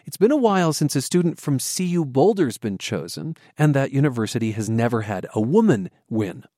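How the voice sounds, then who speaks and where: Male radio host, mid-pitched and animated, dry close-mic sound, friendly questioning. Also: brisk, no room sound. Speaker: radio interviewer. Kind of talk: broadcast interview.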